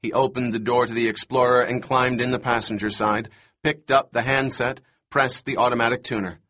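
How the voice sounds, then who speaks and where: A man narrating a novel in a steady, even storytelling voice. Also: medium pitch, brisk. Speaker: audiobook narrator. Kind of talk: scripted narration.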